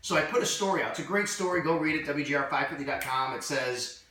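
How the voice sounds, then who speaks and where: A man guesting on a sports podcast, telling a story in a casual, animated way with lots of filler words. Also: fairly high pitch, quick pace, heavy reverb, recorded from a distance, a little hiss or hum, rough recording.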